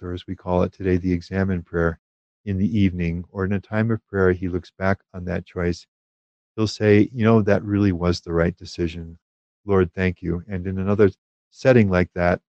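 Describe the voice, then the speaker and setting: A man giving a calm, measured spiritual teaching on prayer, with small fillers and restarts. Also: low voice, no room sound, dull audio.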